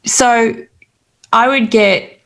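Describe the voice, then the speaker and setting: A woman's voice: fairly high pitch, steady tone, drawn-out words, vocal fry, a bit bright. A woman guest on a talk show, earnestly and reflectively recounting personal experiences in candid conversation. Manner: earnest, reflective, with frequent restarts.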